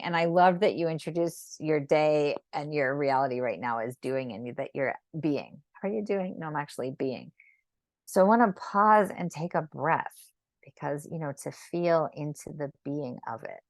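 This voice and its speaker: Low gravelly woman teaching drawing. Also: no room sound. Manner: gentle, unhurried, frequent "right?" checks. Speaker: sacred geometry teacher. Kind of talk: live online drawing lesson.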